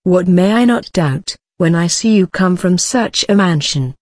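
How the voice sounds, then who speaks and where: A woman's voice: lowish voice, lively intonation, measured pace, a little mellow, no echo, clean studio sound. A woman voicing an indignant young male Stoic in a storybook reading, earnest and reproachful. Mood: troubled.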